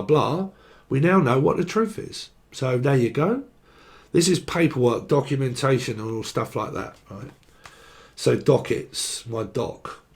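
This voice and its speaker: A man's voice: mid-range voice, a little mellow. A man giving a loose, joking tarot reading, playful and crude, drifting into silly asides. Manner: playful, crude, jumps into silly put-on voices and bits. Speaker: tarot reader.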